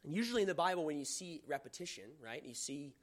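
A man's voice: fairly high pitch, lively intonation, quick pace. A man preaching a sermon, reading scripture aloud with dramatic emphasis and asking the listeners questions in a conversational way.

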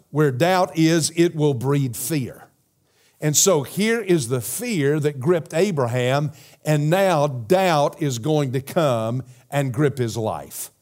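A man preaching a sermon as pastor, measured and emphatic, repeating phrases and asking the congregation rhetorical questions. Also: a little high, a little mellow.

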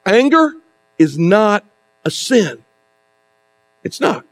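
A male pastor giving a sermon in a conversational preaching style, with rhetorical asides and dramatic pauses. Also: high-pitched, lively intonation, darkish tone.

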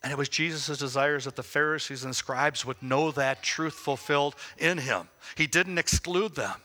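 A man giving devotional Bible teaching, emphatic, with rhetorical questions and slow, stressed phrases. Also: fairly high pitch, bright, forceful tone. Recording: long reverb as in a hall.

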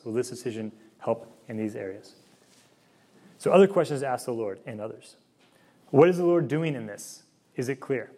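A man's voice: medium pitch, darkish tone. A man giving a casual sermon-style talk on discernment, conversational and full of asides and acted-out dialogue. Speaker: speaker giving a faith formation talk.

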